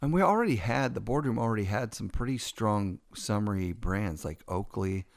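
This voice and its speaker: Gravelly-voiced man hosting a podcast. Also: fairly low pitch, no room sound. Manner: lively storytelling, quick asides. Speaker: podcast host. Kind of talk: casual podcast conversation.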